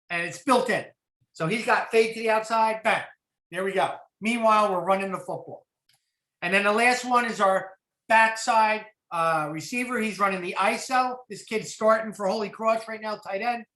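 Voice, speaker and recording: A middle-aged football coach with a New Jersey accent, breaking down plays in a clinic talk, animated and blunt, swearing casually. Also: male voice, sits high, echoey room, rough recording. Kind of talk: clinic talk over game film.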